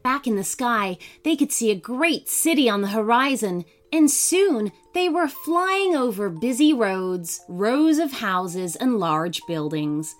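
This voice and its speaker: A woman narrating a children's bedtime story gently, putting on voices for the characters. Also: a little high, sing-song, slow, few pauses. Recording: faint music behind.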